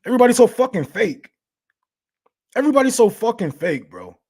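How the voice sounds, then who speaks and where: A man's voice: very high voice, sing-song, brisk, a little mellow, slightly rough, no echo, clean studio sound. A man hosting a casual livestream, talking bluntly and profanely in a rambling way and turning to heated, indignant rants. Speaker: livestream news commentator.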